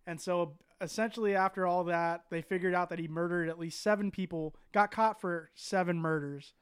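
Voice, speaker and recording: A man's voice: sits high, fairly even intonation, normal speed, smooth, no echo, clean studio sound. A man hosting a casual podcast chat and telling a story in a loose, laid-back way with plenty of swearing. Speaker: podcast host.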